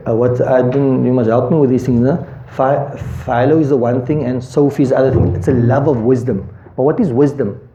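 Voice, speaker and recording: A man's voice: mid-range voice, steady tone, fairly quick, mellow, slight background noise. A man teaching a Quran lesson, thinking aloud, quizzing his students, and reciting Arabic verses swiftly. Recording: echoey room, dull lo-fi sound.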